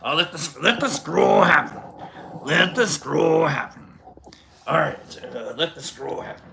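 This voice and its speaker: A man's voice: fairly high pitch, a little slow, gravelly, noisy background. A man hosting a livestream who tells a rambling, casual story, swearing freely and restarting his sentences often. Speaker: livestream host.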